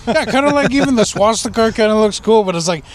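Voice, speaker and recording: A man co-hosting a casual podcast, his voice high and bouncing with lots of pitch swing. He teases and jokes constantly and swears freely. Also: lively intonation, fast talker, a little hiss or hum. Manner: joking, teasing, swears freely. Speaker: podcast co-host.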